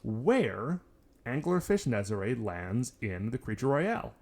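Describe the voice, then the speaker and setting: Mellow-voiced man, chatty and expressive. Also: medium pitch, slow pace, creaky. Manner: chatty, many "like" fillers, joking. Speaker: podcast co-host. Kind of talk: casual podcast chat.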